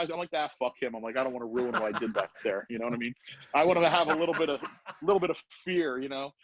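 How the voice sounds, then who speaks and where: Animated, swearing storyteller man, dull lo-fi sound. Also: fairly high pitch. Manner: profane, animated, acts out voices in anecdotes. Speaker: podcast guest, former BMX rider. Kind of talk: casual storytelling. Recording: dull lo-fi podcast audio.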